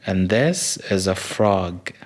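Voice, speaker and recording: A man with a Somali accent leads an English vocabulary lesson. He talks at a very slow, careful pace, naming each word and repeating it. His voice sits a little low. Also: lively intonation. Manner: names each word and repeats it slowly for learners.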